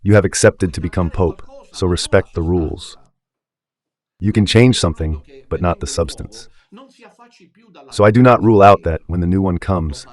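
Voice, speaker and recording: A deep-voiced radio preacher with an Italian accent gives impassioned religious commentary. Emphatic and rhetorical, he often asks his listeners whether they understand.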